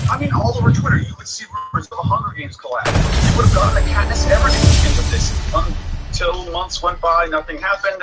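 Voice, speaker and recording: A man narrates a gaming video from a script, his voice sitting high and leaping up and down constantly. He sounds chatty and opinionated. Loud music plays behind him the whole time. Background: loud background music.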